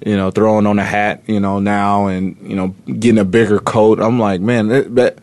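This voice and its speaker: A man's voice: on the low side, level tone, moderate pace, a little mellow, no echo. A man hosting a sports talk radio show, chatting casually and rambling with lots of fillers and restarts. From Indiana.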